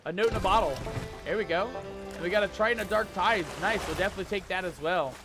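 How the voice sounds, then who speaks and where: A man's voice: sits high, quick pace. A man streaming a pirate game who reads the chat aloud and talks in playful pirate slang. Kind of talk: live gameplay commentary. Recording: music playing under voice.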